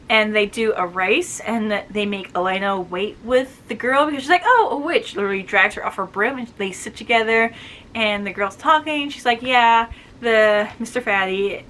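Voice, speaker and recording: Bright-voiced chatty woman retelling a story. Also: mid-range voice, slight background noise. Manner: chatty, acts out quoted lines with quick voice shifts. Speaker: book reviewer.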